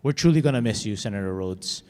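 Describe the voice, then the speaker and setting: A man's voice: fairly low pitch, animated, fast, dark tone. A man, folksy senator, tribute speech full of fillers, echoey chamber. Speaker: state senator. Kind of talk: formal floor tribute. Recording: legislative chamber with long reverb.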